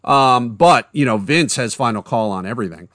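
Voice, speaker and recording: A man's voice: medium pitch, animated, normal speed, fairly bright tone, no room sound, studio quality. A man co-hosting a podcast in casual chat, blunt and indignant, careful about exact terms. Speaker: podcast co-host.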